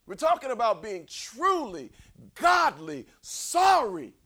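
A man preaching a sermon, conversational, repeating words for emphasis, dropping to whispers and rising to shouts. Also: very high-pitched, sing-song, takes it slowly.

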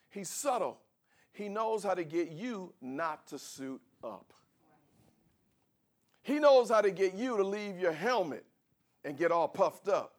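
A man pastor preaching a sermon, swinging between quiet, low passages and loud, high, shouted peaks.

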